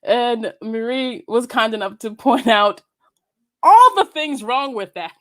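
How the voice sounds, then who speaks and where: A woman's voice: a little high, lively intonation, slow pace, a bit bright. A woman hosting her own podcast, chatting casually and playfully, laughing often and swearing freely. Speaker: podcast host. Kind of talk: casual solo podcast chat.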